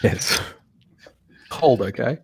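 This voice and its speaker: A man's voice: very slow, slight background noise. A man bantering playfully with friends during an online poker game.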